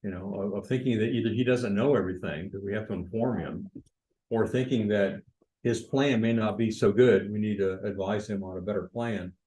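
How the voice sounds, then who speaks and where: A man's voice: on the low side, fairly quick, warm tone, low-quality recording. Male Bible study leader, informal, asks the class questions. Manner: informal, with fillers and restarts, asks the group questions. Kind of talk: conversational Bible study teaching.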